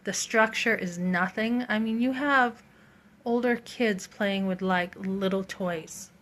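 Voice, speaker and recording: A woman's voice: mid-range voice, slow pace, a bit bright. Earnest, indignant middle-aged woman vlogger. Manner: earnest, indignant, emphatic with quoted asides. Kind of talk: casual storytelling to camera.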